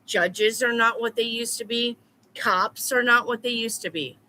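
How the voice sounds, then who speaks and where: A woman's voice: fairly high pitch, unhurried, sharp tone. A woman tarot reader talking live to her viewers in a blunt, repetitive, profane way. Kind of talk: live-stream chat with viewers.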